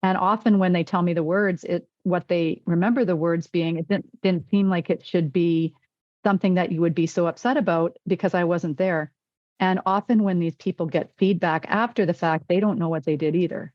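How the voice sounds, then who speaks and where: A woman's voice: fairly low pitch, steady tone, normal speed, dry recording, dull audio. A woman physician and wellness coach in a podcast interview, telling stories and acting out quoted dialogue.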